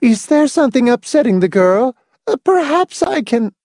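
A man voicing a fussy, vacant middle-aged woman hostess in a high, flustered voice. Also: big pitch swings, measured pace, darkish tone, no room sound, studio quality, full character voice. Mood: fluttery.

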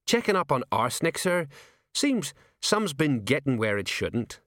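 A man voicing a cheerful, ingratiating middle-aged police sergeant in an audiobook, speaking brightly in a folksy way. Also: medium pitch, very animated, unhurried, dry recording, clean studio sound, voice pushed up. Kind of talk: audiobook character voice.

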